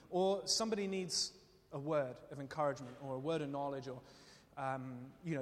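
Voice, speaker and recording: A man's voice: a little high, fairly bright tone. A man preaching a sermon, telling stories in a conversational but impassioned way. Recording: long hall reverb.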